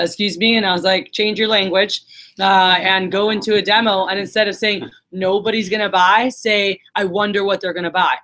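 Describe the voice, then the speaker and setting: This woman's voice sits lowish but has a fairly bright tone. She addresses her sales team in a casual, swear-laced motivational talk, storytelling and acting out the voices of those she quotes.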